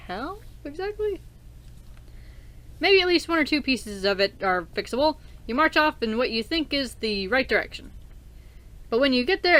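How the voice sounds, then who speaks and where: A woman hosting a let's play, reading game text aloud with giggly, excitable, chatty commentary. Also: fairly high pitch.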